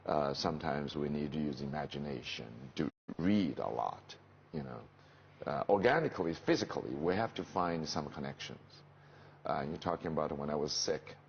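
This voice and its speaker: Middle-aged male actor, Chinese accent, low but very animated delivery, slightly dull studio sound with faint hiss. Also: normal speed, gravelly. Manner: animated, pitch jumps when quoting others. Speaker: interview guest, stage actor. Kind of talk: casual interview chat.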